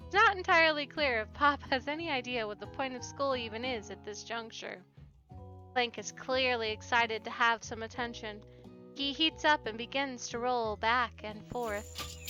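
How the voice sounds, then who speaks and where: A woman's voice: a little high, moderate pace, sharp tone. A woman playing through a dating game, reading the narration aloud and making giggly, sarcastic asides. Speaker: let's-play host. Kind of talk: game playthrough with reading and commentary. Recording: dull lo-fi with background game music.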